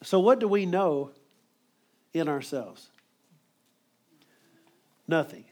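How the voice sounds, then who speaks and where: A man preaching a sermon, emphatic, moving quickly and acting out quoted voices. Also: a little high, expressive, darkish tone.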